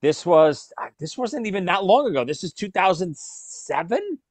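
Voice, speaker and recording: A man telling a story to his friends in casual chat, animated, laughing often and repeating words. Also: high voice, moderate pace, no echo.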